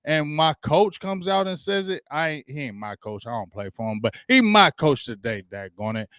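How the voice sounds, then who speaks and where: A man's voice: a little high, expressive, moderate pace, fairly bright tone, clear, resonant tone, dry recording, studio quality. A man hosting a casual sports livestream, hyped and slangy, greeting viewers by name as they join. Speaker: sports talk livestream host.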